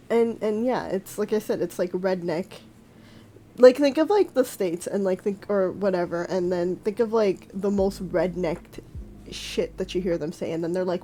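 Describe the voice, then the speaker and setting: Woman streamer, casual rant, swears freely, mellow voice. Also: medium pitch, normal speed, a little hiss or hum. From Quebec, Canada. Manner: ranting, profane, many fillers. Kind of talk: casual chat.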